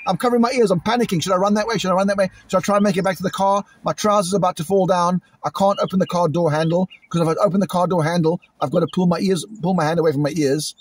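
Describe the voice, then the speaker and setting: Agitated, husky-voiced British man, rapid-fire. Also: high-pitched, fairly even intonation. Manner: upset, repetitive, imitates loud bangs. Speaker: vlogger. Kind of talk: agitated monologue to camera. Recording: outdoors in a cemetery.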